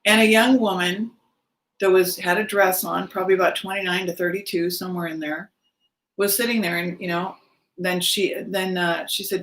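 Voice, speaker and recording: Animated storytelling woman in her fifties. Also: on the low side, moderate pace, echoey room. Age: 50s. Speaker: spiritual vlogger. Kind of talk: casual storytelling monologue.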